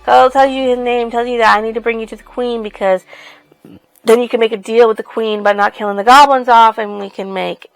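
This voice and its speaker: A woman's voice: fairly high pitch, steady tone, a little fast, vocal fry, no echo, rough recording. A woman casually recapping a book's plot, rambling and swearing freely. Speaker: book reviewer.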